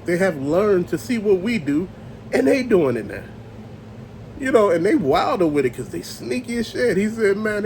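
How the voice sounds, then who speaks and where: A man tells a creepy story in loose, profane everyday talk and puts on little voices and sounds as he goes. His voice sits high for a man and leaps all over the place. A faint background hiss stays under his voice. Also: a little mellow. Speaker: storyteller host. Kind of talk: casual spoken storytelling.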